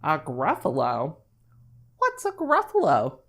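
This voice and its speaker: A woman's voice: sits low, huge pitch swings, takes it slowly, exaggerated voice. A woman voicing a prim, wary owl in a picture-book read-aloud, with a fluttery hooting manner. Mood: inviting, startled.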